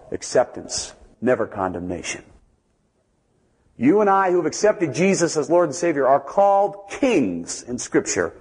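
A man preaching a sermon as a pastor, telling stories and building to loud, emphatic peaks before dropping back to quiet asides. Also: medium pitch, husky. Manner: storytelling, swings from soft asides to loud emphatic climbs. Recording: long reverb of a large hall.

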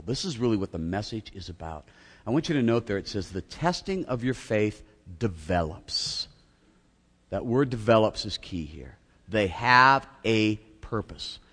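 A middle-aged male pastor with a somewhat low, husky voice preaches a sermon, telling a story full of self-mocking humor. He narrates with animation and acts out shouting, and the recording carries a long hall reverb.

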